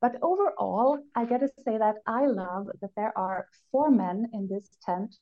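Lively non-native English-speaking woman, lo-fi sound. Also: moderate pace. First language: not English. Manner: enthusiastic, laughs often, rises in pitch when excited. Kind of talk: casual chat. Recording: dull lo-fi recording.

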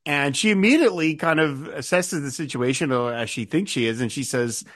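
A middle-aged man co-hosting a podcast, chatting about a TV show in an animated way, full of asides. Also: fairly high pitch, fairly quick. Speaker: podcast co-host. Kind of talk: casual chat about a TV show.

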